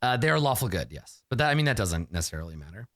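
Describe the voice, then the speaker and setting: A man running a tabletop game as game master, chatty and quick with laughing asides. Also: on the low side, sing-song, a bit bright, dry recording.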